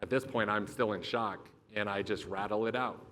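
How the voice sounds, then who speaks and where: A man's voice: fairly low pitch, moderate pace, fairly bright tone, slight background noise. A young adult man giving a motivational keynote speech, telling a personal story in an emphatic, profane and confessional way. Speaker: motivational speaker.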